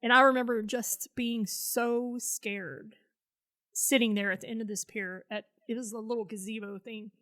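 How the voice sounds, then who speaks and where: A woman's voice: a little high, fairly even intonation, normal speed, a bit bright. A woman guest telling a personal story in an interview, blunt and profane, acting out the dialogue she quotes. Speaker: podcast guest, Navy veteran.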